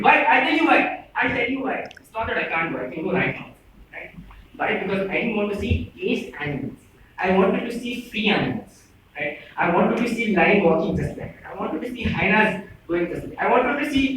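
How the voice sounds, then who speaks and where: Fast-talking young Indian man, echoey. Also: high voice, noisy background. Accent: Indian English. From Bangalore, India. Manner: joking, tags sentences with "right?". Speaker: speaker addressing friends. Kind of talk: playful informal speech. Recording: echoey room, voice from far off.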